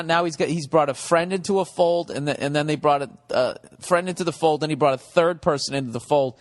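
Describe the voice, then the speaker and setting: Profane rambling comedian, reverby. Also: male voice, on the high side, a little fast, hardly any pauses. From United States. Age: 40s. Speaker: podcast host. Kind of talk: comedic podcast monologue.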